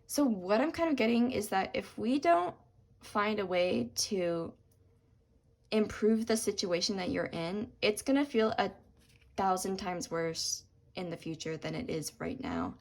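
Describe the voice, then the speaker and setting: A young woman giving a tarot reading, gentle and reassuring, with frequent ums and apologies, her voice cracking from talking a lot. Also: medium pitch, lively intonation, a little slow, gravelly. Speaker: tarot reader.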